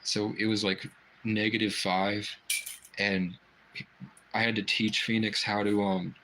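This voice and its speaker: A man's voice: on the low side, little pitch movement, measured pace, pushed and bright, low-quality recording. Rambling, profane male livestreamer. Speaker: livestream host. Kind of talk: casual livestream chat. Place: private room indoors.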